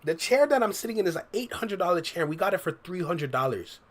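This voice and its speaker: A man's voice: high-pitched, sing-song, fast talker. A young man casually chatting with his viewers on a livestream, laid-back and full of slang, reading out and answering chat messages. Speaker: reaction streamer.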